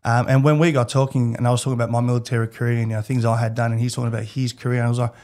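A man with an Australian accent, a guest in an interview, telling personal stories in a candid, animated way and laughing as he goes. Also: medium pitch, rapid-fire. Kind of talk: casual storytelling.

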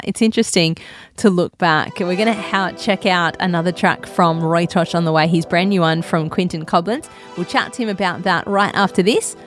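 A young adult woman hosting a radio show, friendly and upbeat as she interviews a guest. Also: fairly low pitch. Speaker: radio host. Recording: dry studio, faint music behind.

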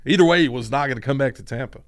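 A man co-hosting a morning show, giving steady, opinionated sports talk. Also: medium pitch, racing, no room sound, studio quality. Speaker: radio co-host.

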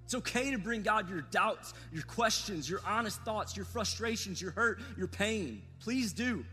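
A man preaching an earnest, repetitive sermon, speaking straight to his listeners in a high, bright, ringing voice. He is recorded with a long hall reverb, and soft music sits faintly underneath. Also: expressive, measured pace. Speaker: pastor.

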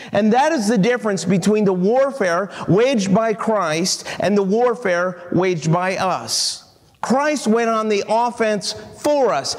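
A male pastor preaches with earnest emphasis, drawing out key phrases slowly. His voice sits high for a man. The sound rings with a long hall reverb behind him. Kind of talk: sermon.

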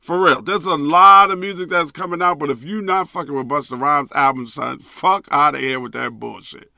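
A man's voice: fairly high pitch, fairly even intonation, normal speed, gravelly, pushed and bright, no echo, studio quality. A man hosting a podcast, ranting emphatically and profanely and repeating a catchphrase. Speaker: podcast host. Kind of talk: solo podcast rant.

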